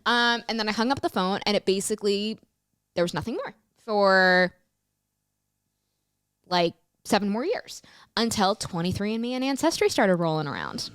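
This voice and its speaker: Animated woman telling a story. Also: medium pitch, normal speed, clear, resonant tone, no echo, clean studio sound. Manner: animated, acts out phone calls in quoted voices. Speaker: guest, comedian. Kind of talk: casual storytelling interview.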